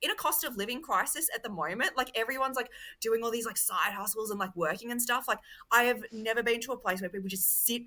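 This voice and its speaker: A woman's voice: fairly high pitch, fast, few pauses, bright, forceful tone. A woman with an Australian accent, a comedian chatting casually as a guest and peppering her speech with "like", recorded outdoors on a lawn. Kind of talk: casual chat.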